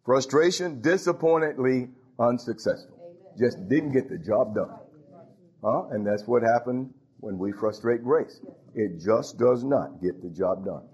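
A man's voice: medium pitch, animated, unhurried, darkish tone, husky. Man preaching a chatty, teasing sermon. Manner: conversational and teasing, with frequent laughs and asides. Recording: dull lo-fi recording.

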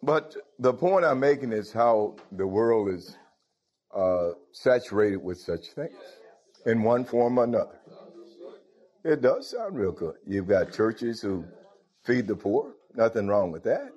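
A man's voice: medium pitch, sing-song, measured pace, darkish tone, lo-fi sound. A man preaching a sermon in a conversational way, often putting questions to his congregation.

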